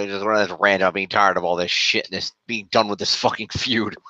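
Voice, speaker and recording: A man's voice: lowish voice, fairly even intonation, quick pace, few pauses, sharp tone, no room sound. A man co-hosting a casual podcast, talking bluntly and swearing freely. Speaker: podcast co-host. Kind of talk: casual chat. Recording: dull lo-fi dry sound.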